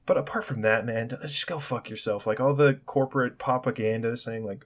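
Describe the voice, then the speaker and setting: Brief: young man, solo podcast rant, mid-pitched, sarcastic and sweary, rambling. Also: fairly quick. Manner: sarcastic, profane, rambling with restarts. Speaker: podcast host.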